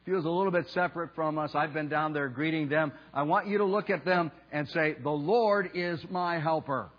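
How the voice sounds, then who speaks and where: A pastor preaching a sermon in a church, speaking slowly and emphatically and leading the congregation in call and response. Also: male voice, on the high side. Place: church sanctuary. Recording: dull lo-fi sound with mains hum.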